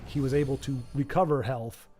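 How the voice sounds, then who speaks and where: A man's voice: medium pitch, steady tone, a little fast, warm tone, soft background music. A man casually commentating a card game on a live stream, reading chat aloud, rambling and correcting himself with jokes. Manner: rambling, self-correcting, jokey.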